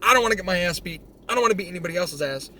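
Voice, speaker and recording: A young man telling a rambling personal story, animated, swearing freely and restarting his sentences. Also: high voice, rapid-fire. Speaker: vlogger. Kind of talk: casual storytelling. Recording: faint background noise.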